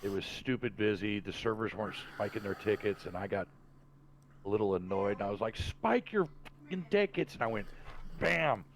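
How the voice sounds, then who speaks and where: A man's voice: on the low side, level tone, fast, slight background noise, rough recording. A man who works as a chef, chatting casually on a podcast in a laid-back way, swearing and laughing often.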